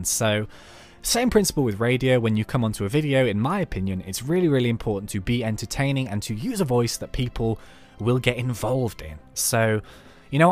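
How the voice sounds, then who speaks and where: A man from the United Kingdom talking through a game in a chatty, rambling let's play. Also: mid-range voice. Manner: chatty, animated, rambling asides. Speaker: YouTube let's play host. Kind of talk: casual gameplay commentary.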